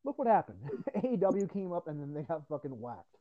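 A man's voice: a little high, big pitch swings, fairly quick. A young man from New Jersey, chatting casually on a podcast, swearing a lot and laughing through his rants. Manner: profane, laughing, ranting. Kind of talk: casual chat. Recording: dull lo-fi dry sound.

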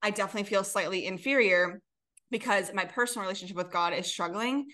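Young female co-host, mid-pitched, earnest and rambling, casual talk. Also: fast, bright, forceful tone. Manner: earnest, filler-heavy, lots of "like". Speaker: podcast co-host. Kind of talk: casual chat.

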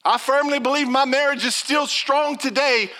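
With an extremely high pitch and a normal speaking speed, a middle-aged pastor preaches his sermon. He tells stories with animation, playing the people in them and acting out what they said.

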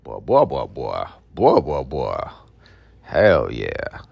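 A man with a deep, gravelly voice tells loose personal stories at an unhurried, drawn-out pace. His talk is slangy and full of profanity, circling back on words as he goes. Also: huge pitch swings, no room sound, dull audio. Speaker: podcast host. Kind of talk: casual storytelling monologue.

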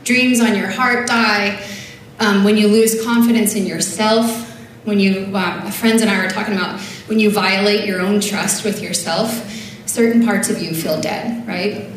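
A woman's voice: medium pitch, steady tone, measured pace, far from the mic, a little hiss or hum. A woman preaching in an earnest, conversational way with casual filler words, reading scripture aloud in a church. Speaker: speaker at a church service. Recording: very echoey church hall.

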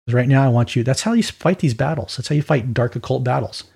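A man preaching an informal Bible teaching in a conversational, animated way with quick asides. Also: mid-range voice, vocal fry, slightly rough.

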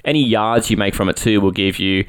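An Australian man hosts a podcast in an easygoing, joking manner. He pokes fun at himself as he talks. His voice sits on the low side. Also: brisk, clear, resonant tone. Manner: chatty, joking, self-deprecating. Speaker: podcast host. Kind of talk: casual podcast talk.

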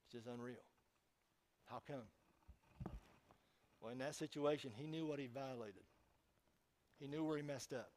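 A male pastor delivering a Sunday sermon. He tells a story with a steady, mid-pitched voice and turns to ask the congregation direct questions. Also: normal speed, long pauses, slight background noise.

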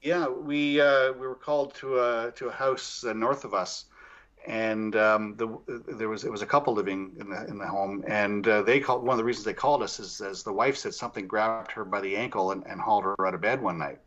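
A middle-aged paranormal investigator tells animated stories in casual chat, acting out the people in them with quoted lines and laughing often. His fairly low voice moves fairly quickly, and the recording is muffled.

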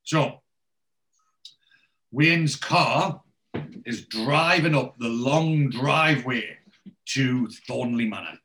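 A man's voice: medium pitch, extremely slow, long pauses, a bit bright. A man hosting a podcast, recapping a TV episode in casual chat, rambling with lots of fillers. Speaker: podcast host.

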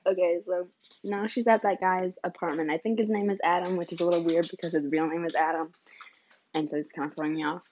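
A woman's voice: lowish voice, steady tone, brisk, darkish tone, lo-fi sound, slight background noise. Chatty young woman telling stories. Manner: rambling, chatty, lots of fillers; giggly. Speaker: vlogger. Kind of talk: casual storytelling chat.

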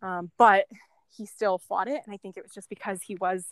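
A woman's voice: mid-range voice, steady tone, a little fast, no echo. A woman being interviewed, telling a story casually, with lots of "like" and "um" and small laughs between thoughts. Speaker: guest, former end-of-life caregiver.

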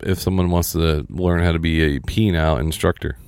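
A man's voice: sits low, fairly even intonation, brisk, darkish tone, smooth, dry recording. A man in a casual chat, joking and rambling about work.

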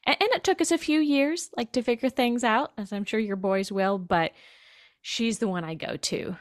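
A woman's voice: fairly high pitch, normal speed, no echo, studio quality. A woman hosting a podcast interview, affirming her guest and reacting with feeling. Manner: warm, affirming listener, emotional. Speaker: podcast host. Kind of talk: casual interview.

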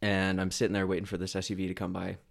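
A young man from Idaho, a podcast guest telling stories in a relaxed way, with lots of fillers. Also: low voice, racing, vocal fry. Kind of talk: casual storytelling.

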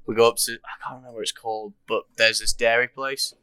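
A laid-back young man chatting as a podcast co-host, slangy and prone to trailing off mid-sentence. His tone is bright, and the sound is dry and close. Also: medium pitch, little pitch movement, quick pace, smooth, dry recording. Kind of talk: casual chat.

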